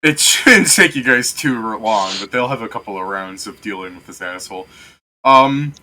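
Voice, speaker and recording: A man's voice: fairly low pitch, expressive, normal speed, pushed and bright, a little hiss or hum. A man narrating a tabletop game as game master, loose and profane, often laughing.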